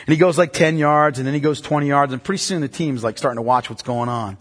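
A man's voice: a little high, fast talker. A man preaching a sermon, telling a story with acted-out lines and building to impassioned exhortation. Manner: storytelling, rising to impassioned near-shouting. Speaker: pastor. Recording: reverberant hall.

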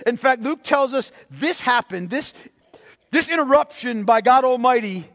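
A male preacher giving a sermon, emphatic and repeating key phrases, swinging between loud and hushed delivery. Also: very high voice, lively intonation, moderate pace. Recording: long reverb of a large hall.

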